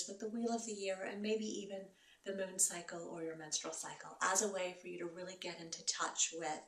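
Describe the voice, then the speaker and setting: Woman coach talking softly and encouraging, mic a bit far off in an echoey room. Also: medium pitch. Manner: gentle, encouraging, reassuring. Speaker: wellness coach and show host. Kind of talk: advice talk to viewers. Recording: roomy echo, voice from a distance.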